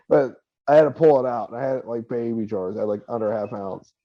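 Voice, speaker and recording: A man's voice: medium pitch, fast, dark tone, dull audio. A man co-hosting a podcast, telling a long profane anecdote in casual chat and laughing as he quotes the people in it. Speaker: podcast co-host.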